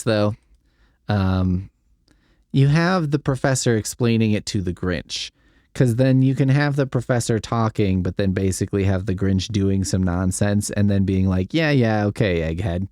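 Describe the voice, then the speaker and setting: A man's voice: lowish voice, lively intonation, normal speed, warm tone, no echo, studio quality. A male podcast host reading a silly story aloud and breaking off into sarcastic, incredulous comedic commentary, swearing casually.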